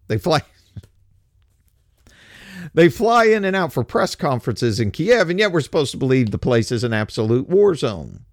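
A man's voice: fairly high pitch, very animated, measured pace, pauses often, no room sound, clean studio sound. An older man hosting a political commentary show, who talks sarcastically, mocks his targets and often repeats words as he goes. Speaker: host.

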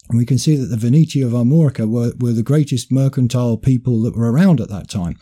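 Guy hosting a history podcast, very dark warm voice, stumbles and repeats words. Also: medium pitch, fast, few pauses, breathy edge. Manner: hesitant, repeats words, reads passages aloud. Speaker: podcast host. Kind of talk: history discussion reading quotes.

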